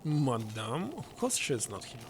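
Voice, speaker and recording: A man streaming a game, reading its text aloud and thinking out loud in hesitant English, which is not his first language. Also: on the high side, very animated, measured pace, slight background noise.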